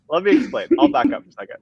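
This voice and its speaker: A man hosting a casual video chat, talking lively and laughing often. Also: muffled recording. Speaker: host.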